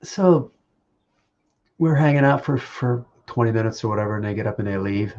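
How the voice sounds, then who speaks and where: A man with a gravelly, creaky voice tells personal stories at a memorial, stopping and restarting his phrases with small laughs in between. He speaks over a video call, and the audio is dull and lo-fi. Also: on the low side, moderate pace, a little mellow. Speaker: speaker giving a eulogy.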